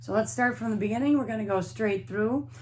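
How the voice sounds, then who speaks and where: A woman's voice: on the high side, fairly quick, a little mellow, slight background noise. A woman teaching a flute lesson to young students, explaining patiently and encouragingly, step by step.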